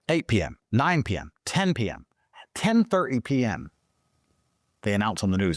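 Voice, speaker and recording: A man from Britain, a guest in an interview, telling a story in a heated, profane way and swinging into high, excited outbursts. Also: fairly quick, no room sound, studio quality.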